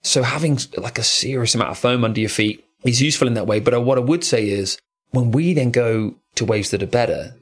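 A man's voice: mid-range voice, a little fast, husky. A man hosting a podcast in casual chat, rambling and musing with frequent asides. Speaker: podcast host.

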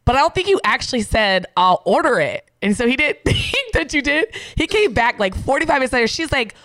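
A woman chatting with a friend, telling stories with lively impressions, frequent laughter and cursing. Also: sits high, a little fast, dry recording. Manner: animated storytelling with laughter and cursing. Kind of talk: casual chat.

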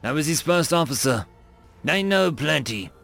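A proud human general speaks firmly and sharply, with a raised, lively voice, as a male narrator acts him out. Faint music sits behind the reading. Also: on the high side, moderate pace, vocal fry. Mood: stern. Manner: firm, commanding.

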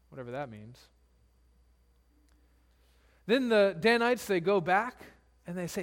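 A man's voice: high-pitched, big pitch swings, takes it slowly, pauses often. A male pastor preaching a sermon, retelling scripture in casual everyday speech.

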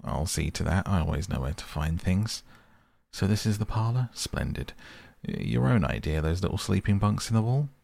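Man doing a hearty storybook water rat, brisk, bustling, deep gravelly voice. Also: animated, darkish tone, no room sound, studio quality, heavily acted. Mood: cheerful.

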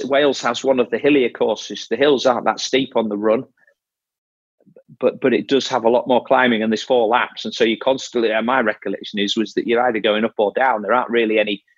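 A man's voice: medium pitch, fairly even intonation, a little fast, slightly rough, no echo, highs cut off. A man coaching an athlete in casual talk, explaining step by step and often restarting his phrases. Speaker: triathlon coach.

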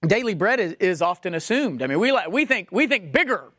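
A man's voice: sits high, very animated, fairly quick, fairly bright tone, no room sound, clean studio sound. A man preaching a sermon, emphatic and questioning, repeating phrases for stress. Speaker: pastor.

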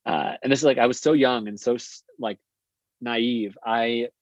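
A young man, a guest, telling stories casually, quick and chatty with many fillers. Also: mid-range voice, steady tone, no room sound. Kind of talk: casual storytelling. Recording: dull lo-fi sound.

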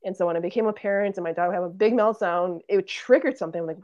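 On a dry, lo-fi recording, a woman's lowish, mellow voice moves fast as she, a guest in her thirties on a podcast, earnestly shares a family story. The conversation is casual, and she acts out the things her relatives said.

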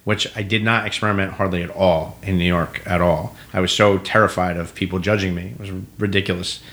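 A middle-aged man with a very deep voice tells a long story in a relaxed, conversational way. He slips into quoted dialogue as he goes and acts out each person he describes. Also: a little fast. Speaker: guest actor. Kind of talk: casual storytelling.

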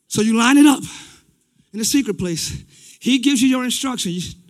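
A man preaching a lively sermon, shouting one moment and dropping low the next, acting out little scenes with his congregation. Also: normal speed. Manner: swings between shouting and dropping to a low confiding voice. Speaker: pastor.

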